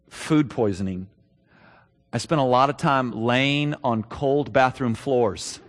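Man preaching in a reverberant hall. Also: medium pitch. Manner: conversational storytelling that builds to emphatic preaching. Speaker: pastor. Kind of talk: sermon.

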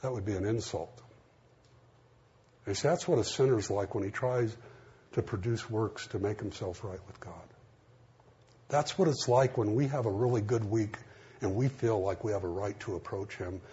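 A man's voice: on the low side, moderate pace, pauses often, dark tone, slightly rough. A middle-aged man preaching a sermon in a folksy, conversational way, acting out the dialogue in his stories. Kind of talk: sermon with storytelling. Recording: dull lo-fi sound with faint hiss.

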